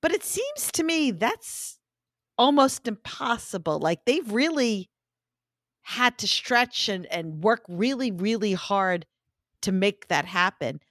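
A woman's voice: medium pitch, big pitch swings, slow, fairly bright tone, no echo. Dry-humored woman co-host, close and dry. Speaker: podcast co-host. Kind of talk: casual chat.

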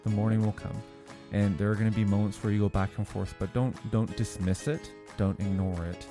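A man's voice: lowish voice, steady tone, fairly quick, over music. A man co-hosting a podcast, speaking in an earnest, reassuring way with faith-based encouragement. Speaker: podcast co-host. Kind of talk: casual podcast chat with encouragement.

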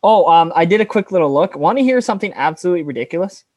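A man's voice: high voice, lively intonation, rapid-fire, darkish tone, no room sound. A man co-hosting a casual hockey podcast, wry and teasing. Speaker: podcast co-host.

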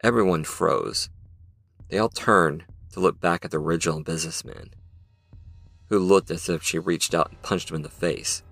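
A man's voice: deep voice, normal speed, creaky, fairly bright tone, no echo, soft background music. A man narrating his own audio drama in a dramatic storytelling manner. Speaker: narrator and author.

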